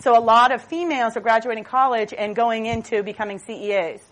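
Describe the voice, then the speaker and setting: Lively woman giving a stage talk. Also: a little high, fairly quick. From Boston. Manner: lively, chatty storyteller; jokey, self-mocking asides. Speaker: motivational speaker.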